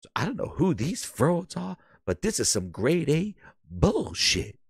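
A man doing a comic impression of a famous console architect: a low, muttering voice, indignant and swearing. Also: huge pitch swings, unhurried, creaky, husky, dry recording, clean studio sound, heavily acted. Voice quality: low, muttering, mumbled under the breath.

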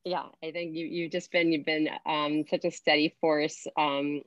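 A woman's voice: low-pitched, flat delivery, measured pace, dry recording, muffled recording. A woman on a video call giving a hesitant farewell tribute, full of fillers and restarts. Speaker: school district staff member.

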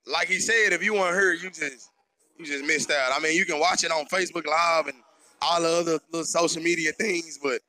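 A man's voice: a little high, sharp tone, rough recording. A man who is a hip-hop artist, talking in a laid-back, hesitant way in an interview. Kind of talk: casual interview talk.

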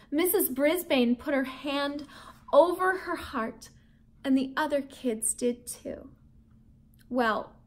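Woman teacher reading a kids' book aloud, high lively voice, slow and expressive. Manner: expressive, storytelling. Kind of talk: children's book read-aloud.

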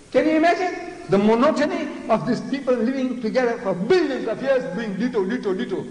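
An older man with a South African accent, giving a mocking, animated lecture and mimicking the voices of others. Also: high-pitched, fairly quick. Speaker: public speaker. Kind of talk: lecture before an audience. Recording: echoey hall recording.

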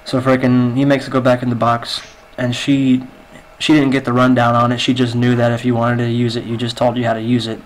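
A man's voice: mid-range voice, completely flat delivery, brisk, hardly any pauses, a little hiss or hum, rough recording. A man telling a long dirty joke in game voice chat, rambling with lots of fillers, on a headset mic. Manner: rambling, filler-heavy storytelling. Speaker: game player.

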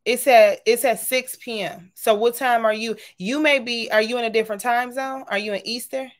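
A woman's voice: fairly high pitch, fairly even intonation, normal speed. Chatty woman hosting a livestream. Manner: warm, chatty, says y'all often. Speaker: livestream host. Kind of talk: casual livestream sign-off chat.

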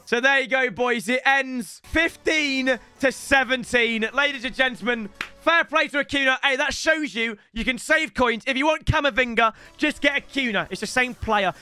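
A young man giving excitable commentary on his own football video game matches, with shouting outbursts and joking banter. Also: very high-pitched, moderate pace, smooth, faint music behind. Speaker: gaming YouTuber.

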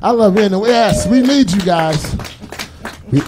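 A man's voice: high voice, expressive, takes it slowly, a little mellow, slight background noise. A man doing a loose, rambling stand-up comedy set on stage, acting out voices as he goes. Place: comedy stage before a live audience.

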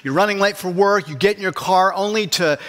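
High-voiced man preaching a sermon. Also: a little fast, fairly bright tone. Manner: conversational, asks the congregation questions. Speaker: pastor. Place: church.

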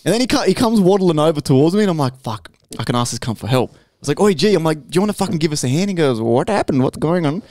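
A young man telling a story on a podcast, animated and full of swearing, checking in with "right?" as he goes. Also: on the high side, rapid-fire, dry recording, studio quality. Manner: animated, swears constantly, keeps adding "right?". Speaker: podcast host. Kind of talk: casual storytelling chat.

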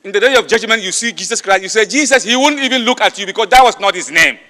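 Emphatic high-voiced man in a hall. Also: expressive, quick pace, bright, forceful tone. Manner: emphatic, rhetorical questions. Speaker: debater. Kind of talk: public debate speech. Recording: long hall reverb.

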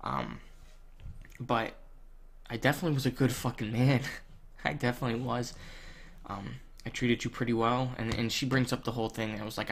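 A man's voice: medium pitch, creaky, a bit bright. Blunt, profane young man. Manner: blunt, profane, heated, with many ums. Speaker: vlogger. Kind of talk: casual rant to camera.

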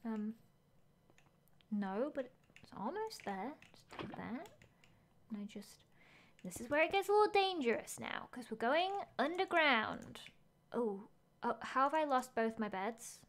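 A woman's voice: fairly high pitch, sing-song, a little slow, long pauses. A woman game streamer chatting casually as she plays, thinking aloud, gasping at finds and reading chat messages.

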